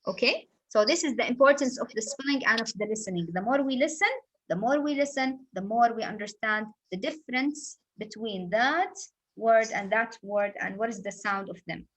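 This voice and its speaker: A woman's voice: a little high, normal speed, fairly bright tone, poor audio. Patient woman teaching English sounds. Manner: patient, repetitive explaining with examples. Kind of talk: phonics lesson.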